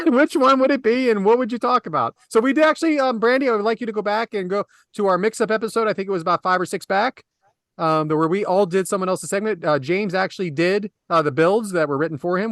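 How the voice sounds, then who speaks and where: High-voiced chatty man, dry podcast mic. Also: a bit bright, no room sound. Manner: chatty, laughs often, reads listener questions. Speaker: podcast co-host. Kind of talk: casual podcast chat.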